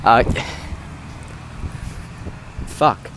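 A man's voice: very slow, noisy background. Man rambling in a mock South African accent. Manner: meandering, absurd deadpan storytelling full of hesitations. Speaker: podcast host. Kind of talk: rambling comedic podcast monologue.

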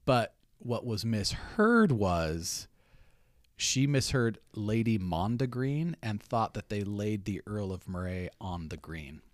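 Man, middle-aged, podcast host, chatty, self-deprecating, lower voice, dry studio. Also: big pitch swings, slow pace, no room sound. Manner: chatty, self-deprecating, many fillers and restarts. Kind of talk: casual podcast chat.

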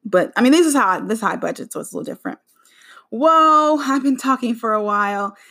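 Female podcast host, casual solo chat, meandering with self-corrections, light vocal fry. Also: a little high, expressive, fast talker, a bit bright. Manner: chatty and rambling, with frequent self-corrections.

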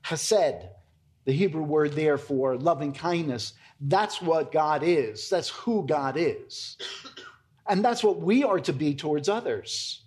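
A man's voice: fairly high pitch, animated, slow pace, a little mellow. A man preaching an earnest, emphatic expository sermon to his congregation as its pastor. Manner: earnest, emphatic, addresses listeners as folks.

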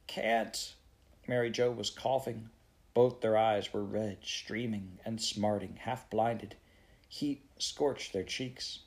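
A man reading a children's novel aloud in a steady storytelling manner. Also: fairly low pitch, slow pace. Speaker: audiobook reader.

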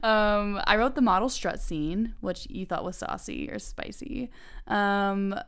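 A woman's voice: medium pitch, animated, measured pace, clear, resonant tone. Young woman, podcast co-host, casual chat, giggly, acts out scenes in quoted voices.

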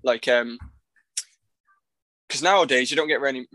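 A man chatting casually as a podcast co-host, relaxed, laughing and swearing. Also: medium pitch, moderate pace. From England. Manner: laid-back, laughs easily, swears. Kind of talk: casual chat.

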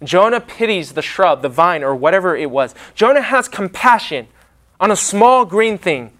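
A man preaching a sermon, with a dramatic, emphatic delivery and pauses. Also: high voice, expressive, a bit bright.

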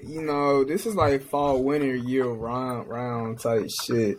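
A man's voice: medium pitch, fairly even intonation, takes it slowly. A man in a casual group chat, joking playfully.

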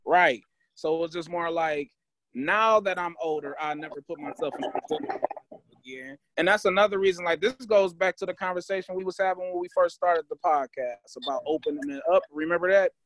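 A man's voice: a little high, fairly quick, fairly bright tone, no echo, rough recording. A man in his thirties co-hosting a podcast, explaining himself at length with filler phrases and getting defensive. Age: 30s. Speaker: podcast co-host. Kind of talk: casual podcast debate.

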